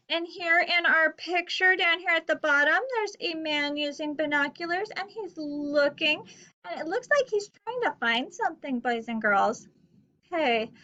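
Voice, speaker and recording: A woman teacher reading a vocabulary lesson aloud to young pupils, speaking slowly and clearly and encouraging them to clap and read along. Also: high voice, pushed and bright, muffled recording. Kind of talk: recorded reading lesson for children.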